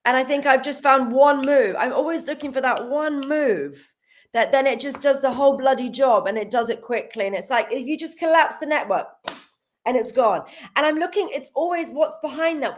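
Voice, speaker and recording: Lively woman telling a story. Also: high-pitched, a little fast. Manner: animated, laughs often, acts out quoted dialogue. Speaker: healer guest. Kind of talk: casual podcast storytelling.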